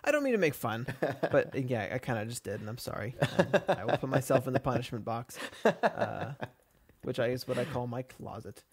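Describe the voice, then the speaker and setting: A man's voice: medium pitch, expressive, fairly quick, husky, dry recording. A man co-hosting a podcast, talking casually in a rambling way with lots of fillers and restarts. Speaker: podcast co-host.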